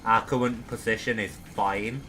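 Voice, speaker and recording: A man's voice: lowish voice, steady tone, moderate pace, pushed and bright, slight background noise. A young man casually commenting on his own gameplay, chatty and self-deprecating as he talks himself through a boss fight. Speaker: gaming streamer.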